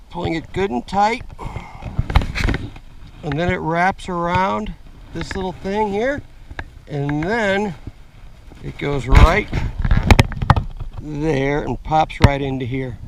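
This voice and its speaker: Outdoor gear vlogger, male, slightly rough voice, slow plain how-to delivery. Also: sits high, very noisy. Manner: slow, plain step-by-step explaining with fillers. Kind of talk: casual how-to demonstration. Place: outdoors in woods.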